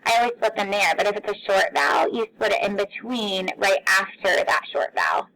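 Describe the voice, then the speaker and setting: A woman teacher giving a phonics lesson to young children, stretching out words slowly. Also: medium pitch, lively intonation, bright, forceful tone, rough recording.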